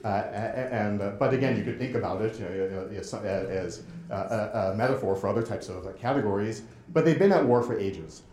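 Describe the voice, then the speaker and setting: Male lecturer, low voice, halting with lots of restarts, roomy echoey sound. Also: a little mellow. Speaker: presenter. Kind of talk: lecture with interactive game demo.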